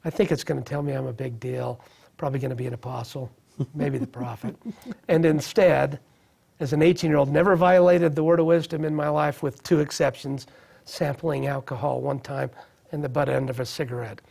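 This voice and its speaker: Gravelly, husky man giving earnest testimony. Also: a little high, fairly even intonation, brisk, a little mellow. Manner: earnest, reflective, with restarts. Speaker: guest sharing recovery story. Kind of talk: personal testimony in interview.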